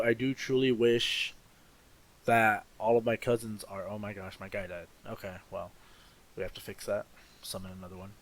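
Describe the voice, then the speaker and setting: A young man chats loosely as he games, answering viewer questions. He is expressive, and his sentences wander, stop and restart around fillers. His voice sits in an ordinary middle pitch. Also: poor audio. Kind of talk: casual Q&A while gaming.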